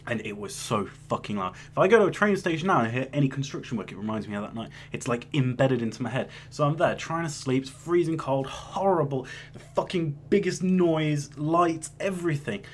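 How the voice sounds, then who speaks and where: Young guy, profane rambling storyteller, mid pitch, faint hum. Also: animated, a little fast, few pauses. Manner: rambling, profane, with many restarts. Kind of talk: casual storytelling.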